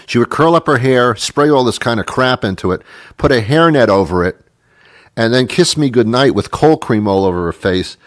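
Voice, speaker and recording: A man's voice: medium pitch, lively intonation, moderate pace, dry recording, clean studio sound. A middle-aged man hosting a radio show, delivering a rambling, wry comedic monologue with many restarts. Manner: rambling, self-interrupting, wry.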